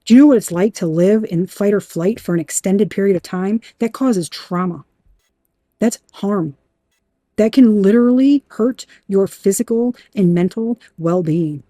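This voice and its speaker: A woman giving a tarot reading in an emphatic, animated way, talking straight to the viewer and swearing now and then. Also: mid-range voice, measured pace, dry recording. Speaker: tarot reader.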